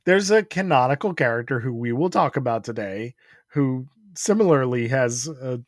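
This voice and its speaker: A man in his forties co-hosting a podcast, easygoing and quick to laugh. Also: mid-range voice, animated, no room sound, clean studio sound. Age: 40s. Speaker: podcast co-host. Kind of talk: casual comedic chat.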